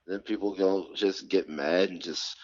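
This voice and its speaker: A man's voice: low-pitched, steady tone, measured pace. A man who is a guest on a casual podcast, talking in a laid-back way and saying "like" a lot. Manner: laid-back, peppers talk with "like". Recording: dull lo-fi audio.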